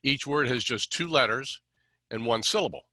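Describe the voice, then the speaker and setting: A man's voice: mid-range voice, normal speed, sharp tone, dry recording. A middle-aged man hosting a podcast interview, talking conversationally, affirming his guest and adding a little dry sarcasm. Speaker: podcast host.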